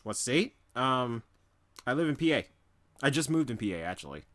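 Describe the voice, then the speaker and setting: A man's voice: mid-range voice, big pitch swings, normal speed, fairly bright tone. A young man from New York City chatting casually during a live drawing stream, rambling and humming to himself between remarks.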